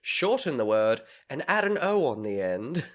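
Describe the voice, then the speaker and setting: A man's voice: medium pitch, big pitch swings, moderate pace. A man, co-hosting a casual podcast, chatty and prone to slipping into playful voices while telling stories. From Australia. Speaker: podcast co-host. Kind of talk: casual chat, storytelling.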